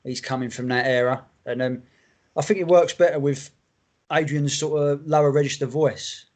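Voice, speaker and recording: A man, co-hosting a casual music podcast in a relaxed, rambling way with casual swearing. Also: a little high, moderate pace. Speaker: podcast co-host. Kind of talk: casual chat about music.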